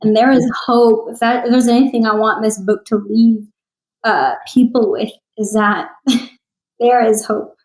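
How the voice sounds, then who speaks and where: A woman's voice: on the high side, a little slow, darkish tone. Young woman guest, singer-author, heartfelt candid storyteller in an echoey room. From Texas. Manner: emotional, earnest storytelling with laughs. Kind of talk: candid podcast interview.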